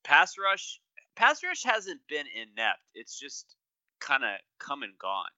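A man co-hosting a sports podcast, talking in a relaxed, analytical way. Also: a little high, slow pace, dry recording, highs cut off. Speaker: podcast co-host. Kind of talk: casual chat.

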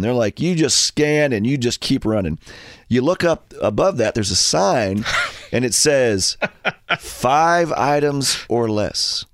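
A man's voice: medium pitch, dry recording. Guy hosting radio, casual chatty storytelling, dry close mic sound. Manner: animated storyteller, acts out voices. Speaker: radio host. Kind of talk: casual sports radio chat. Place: radio studio.

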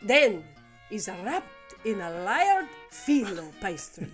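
A woman's voice: medium pitch, big pitch swings, slow pace, faint music behind. A woman doing an exaggerated, put-on Greek accent as a cook reading out a recipe, with the accent drifting toward Italian. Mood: hammy. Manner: hammy, breaks into laughter.

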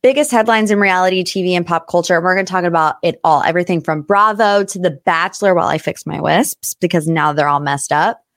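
A woman's voice: fairly low pitch, a little fast, few pauses, no room sound, clean studio sound. A young adult woman from Ohio hosting her own pop culture podcast in a chatty, bubbly, rambling way. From Northeast Ohio. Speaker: podcast host. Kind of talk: casual chat.

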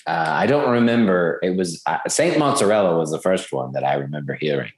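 A man in casual conversation reviewing a film, talking in a halting way with many fillers. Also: sits low, expressive, reverberant. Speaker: podcast co-host. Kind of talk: casual movie review chat.

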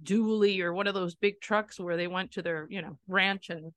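Bright-voiced middle-aged woman. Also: on the low side, fairly even intonation, moderate pace, no echo. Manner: frank, interjects, tells her own stories. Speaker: podcast co-host, mother of the other host. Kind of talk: casual chat.

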